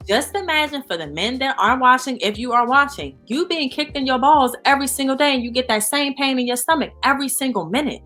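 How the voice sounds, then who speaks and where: Lively candid woman, bright voice. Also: sits high, quick pace, few pauses, faint music behind. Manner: animated and candid, with frequent fillers like "you know" and "like". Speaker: guest, founder of a support organization. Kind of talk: casual interview chat.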